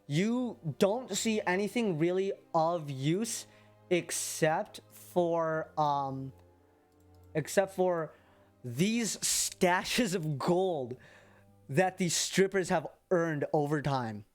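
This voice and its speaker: A man narrating as game master of a tabletop game, talking casually and haltingly, with many fillers. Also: a little high, animated, soft background music.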